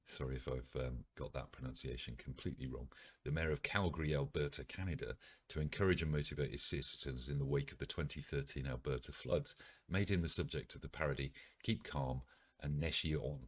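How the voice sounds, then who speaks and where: A British man with an extremely deep, husky voice reads an article aloud as a podcast host. He stops often with ums and uhs to drop in dry, ironic asides. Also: a little fast. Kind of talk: casual reading with asides.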